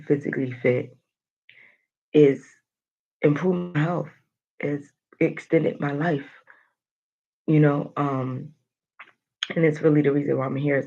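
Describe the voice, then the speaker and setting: A woman giving a motivational daily vlog, animated and talking straight to her viewers with playful asides. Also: sits low, creaky, dull audio. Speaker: motivational vlogger.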